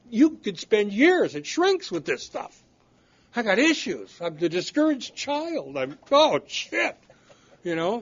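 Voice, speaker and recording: Blunt, candid older man telling stories. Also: sits high. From United States. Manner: candid storytelling, blunt and self-deprecating. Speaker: recovery study speaker. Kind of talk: recovery meeting talk. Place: meeting room. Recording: dull lo-fi recording.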